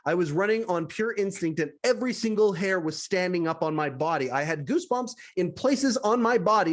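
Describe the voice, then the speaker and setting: A high-voiced man from western Canada reads his own essay aloud as a podcast host. He tells it with animated energy and drops wry asides to his listeners. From British Columbia, Canada. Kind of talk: reading a personal essay aloud.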